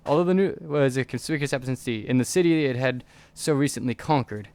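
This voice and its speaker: A man reading a text adventure game aloud as a let's player, going quickly and often stumbling over words. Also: medium pitch, a little mellow, smooth. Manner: reads quickly with frequent stumbles.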